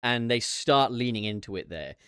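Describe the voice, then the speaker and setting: A man hosting a casual livestream chat, swearing freely and throwing in quick asides. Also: medium pitch, expressive, fairly bright tone, smooth, no echo, clean studio sound. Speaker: podcast host.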